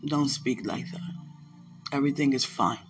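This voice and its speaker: A man hosting a podcast, speaking an emotional spiritual monologue in a halting way, often repeating himself and sighing. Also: medium pitch, soft background music. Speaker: podcast host.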